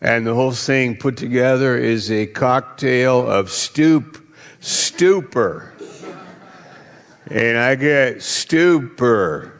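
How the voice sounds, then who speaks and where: A man's voice: mid-range voice, slow pace. A male pastor preaching a sermon, teasing the congregation in a playful way. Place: large church hall. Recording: long hall reverb.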